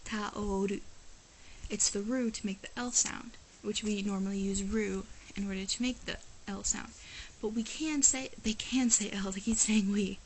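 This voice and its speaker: A woman talks straight to her camera in a casual vlog, chatty and emphatic, pressing hard on her points with an exasperated edge. Her pitch sits in an ordinary middle range, with a faint hiss of noise behind her. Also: steady tone, normal speed, rough recording. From United States. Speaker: vlogger. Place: living in Japan.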